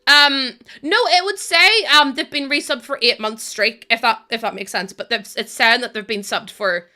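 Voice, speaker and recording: A woman's voice: fairly high pitch, normal speed, sharp tone. A young woman chatting casually on her live stream, worn out, chatty and prone to giggling as she thanks viewers. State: tired.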